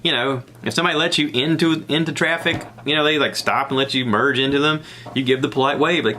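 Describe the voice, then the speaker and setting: A man from the American South with a Southern accent, hosting a podcast and telling a rambling, animated story alone. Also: fast. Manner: rambling, animated, acts out others' lines in a high voice. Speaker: podcast host. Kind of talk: casual solo storytelling.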